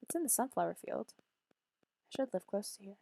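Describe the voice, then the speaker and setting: A woman's voice: medium pitch, lively intonation, moderate pace, creaky, dark tone, no room sound. A woman streaming a game, chatting casually with playful sarcasm and silly beep-boop noises.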